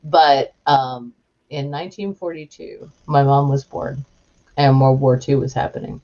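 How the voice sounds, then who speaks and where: A woman's voice: very deep voice, fairly even intonation, unhurried, dark tone. A woman podcast host talking in casual chat, rambling with many restarts and fillers. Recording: muffled lo-fi audio.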